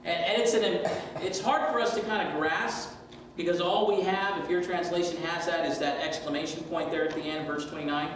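Emphatic male Bible class teacher, slightly high voice, recorded far off in a very echoey church room. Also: fairly even intonation, fairly quick, few pauses, a bit bright, slight background noise. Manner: emphatic, preacherly, asks the class questions.

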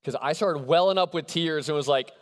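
A young adult man preaching a sermon to a college crowd, animated and conversational, often checking in with his listeners. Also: fairly high pitch, a little fast. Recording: long hall reverb.

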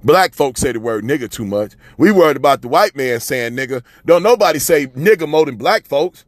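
A man giving fiery street-talk radio commentary, preachy and repetitive, often calling listeners "family", swinging between shouts and low mutters. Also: lively intonation, fairly quick, no echo.

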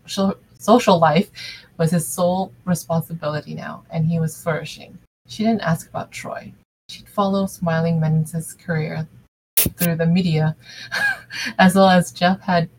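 Low-voiced woman casually reading a story. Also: darkish tone, slight background noise, low-quality recording. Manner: casual reading with small slips and restarts. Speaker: fan fiction reader.

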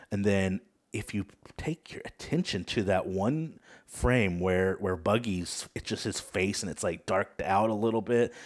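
A man with a lowish voice hosts a laid-back podcast discussion. He talks loosely, with plenty of fillers and quick laughs between thoughts. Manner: relaxed, hesitant, laughing often. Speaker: podcast host. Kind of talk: casual chat.

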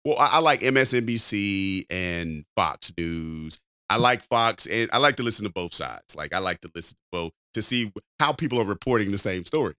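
A man's voice: fairly low pitch, animated, normal speed, hardly any pauses, bright, forceful tone, clean tone, no echo, clean studio sound. A man co-hosting a podcast in casual chat, rambling with repeated words and frequent laughs. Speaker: podcast co-host.

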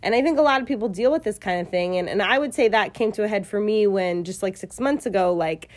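A woman's voice: mid-range voice, fast talker. A woman in her forties hosting a casual faith podcast, talking in a gushing, rambling way with lots of fillers. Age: 40s. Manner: effusive, rambling, many fillers. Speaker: podcast host.

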